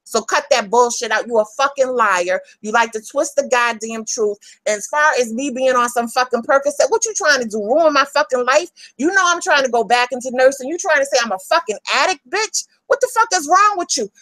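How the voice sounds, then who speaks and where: Furious profane woman ranting, high voice. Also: a little fast, few pauses, fairly bright tone, no echo, low-quality recording. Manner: angry, profane, emphatic, repeats herself. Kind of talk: heated ranting.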